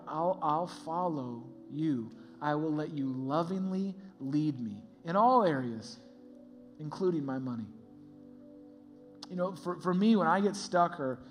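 A man preaching a sermon as a pastor in a lively, conversational way, laughing often. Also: on the high side.

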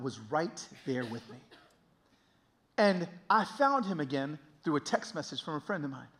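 A man in his thirties giving an emotional sermon testimony, swinging from hushed to loud. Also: on the high side, big pitch swings, moderate pace.

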